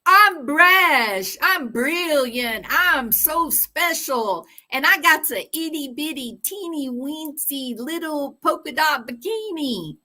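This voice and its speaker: A woman's voice: high voice, lively intonation, takes it slowly, hardly any pauses, sharp tone, voice pushed up, heavily acted. A woman mockingly voicing a brash, boastful man with a sing-song bragging delivery.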